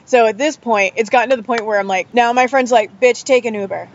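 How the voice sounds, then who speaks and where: A woman chatting casually as a podcast guest, telling animated stories and acting out what others said. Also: fairly high pitch, a little fast, slight background noise. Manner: animated storyteller, acts out quotes. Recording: dull lo-fi audio.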